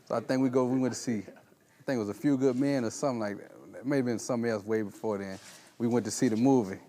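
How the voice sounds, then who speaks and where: A man's voice: medium pitch, fast, dark tone. A man with a mid-range voice recalls his playing days at a reunion. His telling is loose and rambling, with amusement breaking through. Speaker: former player. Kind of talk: casual reunion storytelling.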